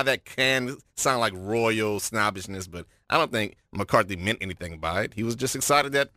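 A man's voice: on the low side, normal speed, few pauses, pushed and bright, no echo, clean studio sound. A man co-hosting a morning radio show, offering skeptical opinions in casual talk. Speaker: radio co-host.

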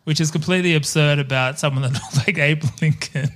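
A man's voice: on the high side, fairly even intonation, fairly quick, a bit bright. A man co-hosting a casual film podcast, enthusiastic, laughing often and swearing freely. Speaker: podcast co-host. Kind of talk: casual chat.

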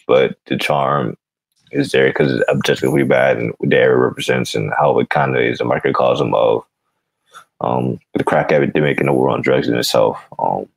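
A man's voice: very deep voice, creaky, husky, no echo. A man talking as a podcast guest in casual chat, rambling and drifting into tangents.

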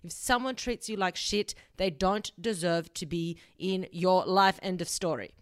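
Woman, podcast host, blunt and animated, swears a lot, dry close sound. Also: lowish voice, measured pace, dry recording. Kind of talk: casual advice monologue.

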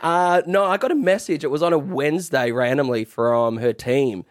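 A young Australian man, a guest in a radio studio, telling stories in a relaxed manner, often laughing. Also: fairly high pitch, normal speed, no echo. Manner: laid-back, laughing storyteller. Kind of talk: casual radio chat.

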